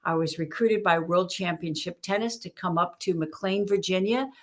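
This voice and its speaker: A woman author, a guest on a podcast, telling stories in an animated way and acting out the voices in her stories. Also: fairly low pitch, normal speed. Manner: animated storyteller, acts out quotes. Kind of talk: podcast interview storytelling.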